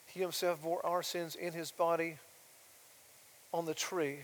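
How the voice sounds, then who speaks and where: Male pastor, high voice, shifts between loud emphatic lines and soft quiet asides; large reverberant sanctuary. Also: level tone, unhurried. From United States. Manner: swings from loud emphatic declarations to soft quiet asides, asks rhetorical questions. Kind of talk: sermon. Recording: long reverb of a large hall.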